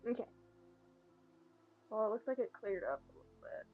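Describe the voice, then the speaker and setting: High, lively woman chatting outdoors. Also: normal speed. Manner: scolding dogs, chatty and exasperated. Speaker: streamer. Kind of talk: casual chat while walking dogs. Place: outdoors, on a walk. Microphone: earbuds. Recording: dull lo-fi sound.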